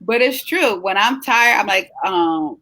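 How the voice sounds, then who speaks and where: A woman's voice: mid-range voice, no room sound. A middle-aged woman hosting a casual live chat, talking in a chatty, encouraging way and sounding tired. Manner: chatty, animated, encouraging, drawn-out emphatic words. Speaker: host, travel agency owner.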